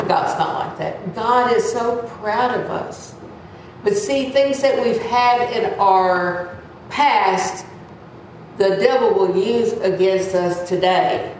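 A woman's voice: mid-range voice, takes it slowly. A woman in her seventies teaching Sunday school, earnest and chatty, sometimes acting out whiny voices. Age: 70s. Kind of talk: sermon. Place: church room. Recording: echoey room, mic at a distance, faint noise.

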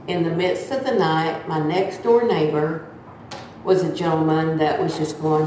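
Woman in her seventies, chatty storyteller, low-ish voice, echoey room, distant mic. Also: fairly even intonation, moderate pace, a little mellow, slight background noise. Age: 70s. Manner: chatty, acts out quoted voices. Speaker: church member sharing a testimony. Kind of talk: casual storytelling testimony.

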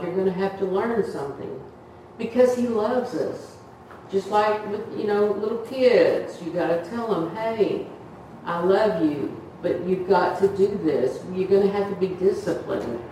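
A woman's voice: on the low side, darkish tone. An older woman giving an earnest, rambling testimony in a church meeting, acting out the voices she quotes. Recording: very echoey room, from far off, faint noise.

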